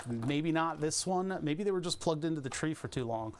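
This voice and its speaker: Rambling man streamer, slightly high voice. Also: animated, moderate pace. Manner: rambling, self-interrupting, chuckling. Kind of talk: casual stream chat.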